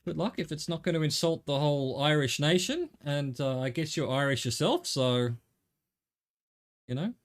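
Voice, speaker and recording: A middle-aged Australian man streams a game, rambling wryly to his viewers with jokey asides to chat. His voice is fairly high and animated, at a moderate pace.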